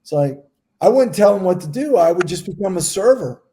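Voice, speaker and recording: Middle-aged man, podcast co-host, mellow tone, slightly high voice, anecdotal. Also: fairly quick, a little hiss or hum. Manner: storytelling, relaxed anecdotal. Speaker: podcast co-host, former goalkeeper. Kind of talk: casual round-table chat.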